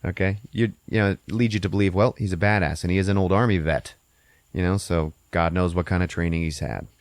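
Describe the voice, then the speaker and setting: A man hosting a podcast, recapping a movie in a profane, animated, laughing way. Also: low voice, fairly quick, dry recording, clean studio sound. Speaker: podcast host.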